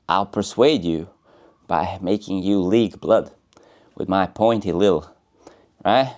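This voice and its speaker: A man's voice: deep voice, takes it slowly, pauses often, darkish tone. A man giving a casual, rambling spiritual talk in a playful, joking way and laughing often. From United States. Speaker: spiritual speaker.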